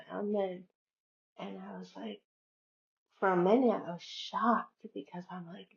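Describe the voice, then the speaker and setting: A woman's voice: medium pitch, steady tone, measured pace, vocal fry, highs cut off. A woman vlogger telling a personal story in a casual, chatty way, quoting herself and others as she goes. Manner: chatty, retells conversations with many "I'm like" quotes.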